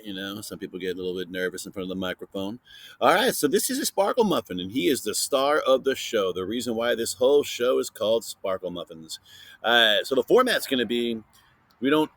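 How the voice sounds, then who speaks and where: A man hosting a casual science podcast for kids, playfully interviewing a silent guest and filling pauses with chatter. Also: mid-range voice, a bit bright, no room sound. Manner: chatty with many fillers. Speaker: podcast host.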